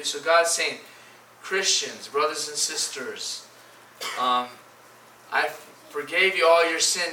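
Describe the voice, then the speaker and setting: Halting preacher, bright voice, echoey room. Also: male voice, fairly high pitch, distant mic, a little hiss or hum. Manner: halting, repeats words, reads scripture in old-style phrasing. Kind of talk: sermon.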